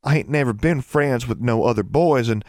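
Man voicing a young country girl, high breathy eager voice, folksy dialect, storybook reading. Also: moderate pace, a little mellow, no room sound, clean studio sound, close to an everyday voice. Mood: earnest. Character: young rural girl, earnest and blurting.

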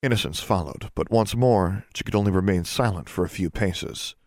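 This is scripted narration of a fantasy audiobook, delivered by a deep-voiced man in a calm, even storytelling style. The recording is dry and studio-clean.

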